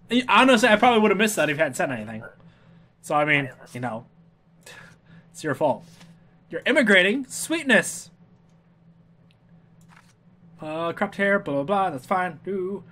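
Goofy high-voiced man playing a game. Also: very animated, normal speed, pauses often, bright, forceful tone, slight background noise. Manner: goofy, talks back to game characters, hums and sings to himself. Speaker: let's player. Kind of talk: casual gameplay commentary.

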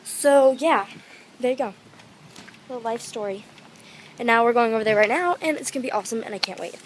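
Giddy high-voiced teenage girl vlogging. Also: noisy background. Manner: gushing, fast, giddy. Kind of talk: excited casual vlog. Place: convention and car. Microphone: handheld phone.

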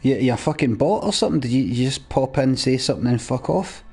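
A man's voice: medium pitch, animated, fast, a little mellow, husky, soft background music. A young man live-streaming a game, chatting casually and ranting at his viewers with plenty of swearing. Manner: sweary, ranting at chat in a mock-exasperated way.

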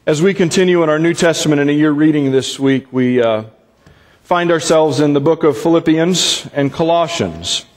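A man's voice: on the high side, normal speed. A man pastor giving a sermon in a conversational, informal way. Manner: conversational, with fillers and restarts. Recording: long reverb in a church hall.

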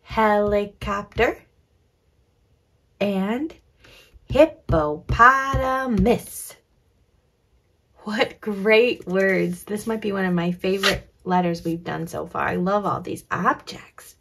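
A woman teaching young children, slow and clear, encouraging them and drawing out words as she sounds them. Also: medium pitch, steady tone. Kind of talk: children's lesson.

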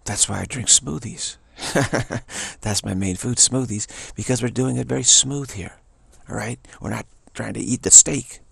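Husky low guy giving a meandering spiritual talk, keeps restarting sentences, dry room. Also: a bit bright, dry recording. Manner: digressive, repeats himself, halting restarts. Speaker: spiritual teacher. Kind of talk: rambling spoken monologue.

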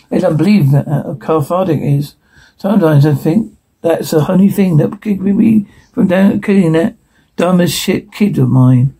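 A man's voice: a little high, moderate pace, dark tone, slightly rough, low-quality recording. A man dubbing a whole scene alone, switching between characters and reading the sound cues aloud. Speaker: voice performer. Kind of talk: solo dub of a TV scene.

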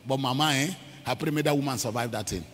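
A man's voice: mid-range voice, fast, in a large hall, a little hiss or hum. A man with a Nigerian accent preaching a sermon, telling a story and acting out its quotes. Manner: acts out quotes, leads shouted prayers, mixes in pidgin. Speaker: evangelist preacher. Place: large church hall.

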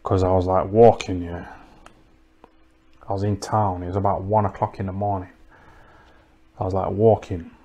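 Deadpan crude man, low voice. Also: normal speed, pauses often. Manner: deadpan, crude and mocking, full of tag questions. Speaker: comedic livestream host. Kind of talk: rambling comic monologue.

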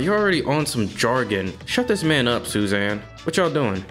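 A man giving loud, joking let's-play commentary full of slang and trash talk. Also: mid-range voice, very animated, normal speed, hardly any pauses, faint music behind. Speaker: gaming YouTuber.

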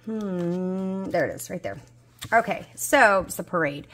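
A budgeting vlogger in her forties with a Southern US accent talks casually to herself in a low-ish voice at a measured pace, with a fairly bright tone. Playing a budgeting game and hunting for pieces, she sounds mildly exasperated as she searches.

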